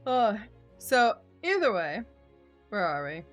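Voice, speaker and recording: A woman's voice: mid-range voice, big pitch swings, slow, fairly bright tone, soft background music. A woman author hosting a casual live-stream book chat, chatty and laughing often, with casual swearing. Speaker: author and host.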